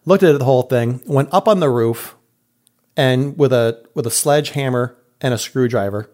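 A man's voice: mid-range voice, moderate pace, darkish tone. A middle-aged man casually telling a story, acting out quotes and laughing often. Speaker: podcast host telling a story.

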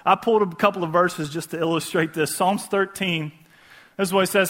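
A man's voice: high voice, fairly even intonation, fairly quick, a bit bright. A man preaching a casual sermon, repeating key phrases for emphasis and talking directly to the audience with conversational asides.

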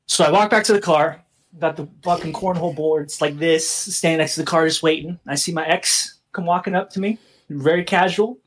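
A young man on a podcast, telling a story in casual chat with lively swearing and laughter. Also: a little high, a little fast, slightly rough. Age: young adult. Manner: animated, swearing, laughs through his story. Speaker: podcast co-host.

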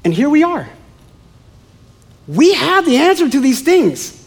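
A man preaching a sermon in an animated, conversational way, with playful asides to the congregation. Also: extremely high pitch, unhurried.

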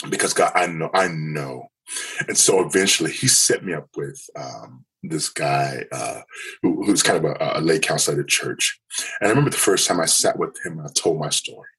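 A man telling a personal story in an interview, earnest and halting, often restarting his sentences. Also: rumbling low, fairly bright tone, breathy edge, rough recording. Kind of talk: candid personal testimony.

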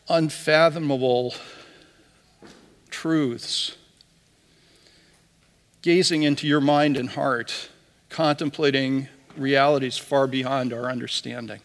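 Solemn man preaching in a reverberant hall. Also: fairly high pitch. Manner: solemn, measured reading aloud. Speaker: pastor. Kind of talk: sermon with scripture reading. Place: church sanctuary. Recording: long reverb of a church hall.

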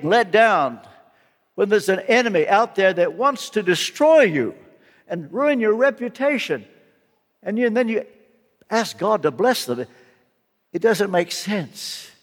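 An older man delivers an earnest, emphatic sermon. He speaks slowly, leaving room between his phrases, and his voice sits high for a man. A long reverb from a large hall hangs after each line. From United States. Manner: earnest personal testimony, slow and emphatic. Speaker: guest preacher.

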